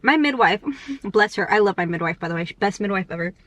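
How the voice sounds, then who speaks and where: A young woman vlogger chatting casually and rambling, full of fillers, talking fast because she is in a rush. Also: medium pitch, lively intonation, a bit bright, dry recording. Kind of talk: casual chat.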